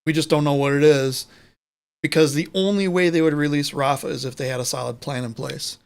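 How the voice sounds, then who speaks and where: A man's voice: on the high side, fairly even intonation, brisk, vocal fry, clean tone. A man co-hosting a live sports show, talking casually and rambling, often correcting himself mid-sentence. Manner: rambling, self-correcting, chatty. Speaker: podcast co-host.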